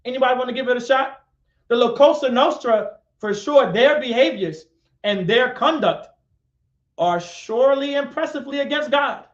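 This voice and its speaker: A man teaching a live-streamed class lecture, repeating himself and putting questions to his listeners. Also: very high voice. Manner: repetitive, questions the audience and calls on them. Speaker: class instructor. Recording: echoey, dull lo-fi sound.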